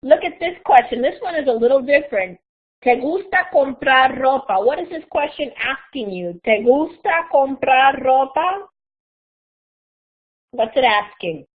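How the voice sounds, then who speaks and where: A woman's voice: high voice, expressive, measured pace, slightly rough. A woman teaching a live online Spanish class, explaining patiently step by step. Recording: tinny phone-like audio.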